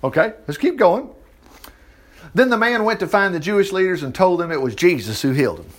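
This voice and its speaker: A man teaching from the Bible in a folksy, animated way, reading verses aloud and adding asides. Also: high-pitched, a little fast. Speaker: preacher.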